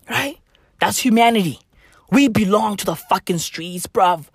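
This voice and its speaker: A woman doing a comedic rant, full of slang and swearing, leaning on "bro" and "bruv", and swinging between shouts and whispers. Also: medium pitch, animated, measured pace, slightly rough, dry recording, clean studio sound.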